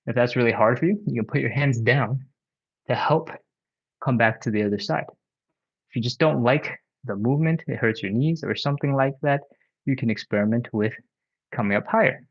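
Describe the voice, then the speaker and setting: A stretching instructor with a mid-range voice leads a live home stretching workout, counting reps and coaching casually while a bit out of breath. The audio sounds dull.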